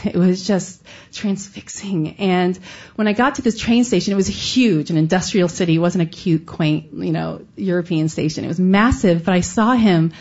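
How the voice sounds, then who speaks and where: A woman's voice: lowish voice, normal speed, a little mellow, lo-fi sound. A woman from Texas telling a true personal story in an earnest, conversational way, now and then breaking into a laugh. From Austin, Texas, USA.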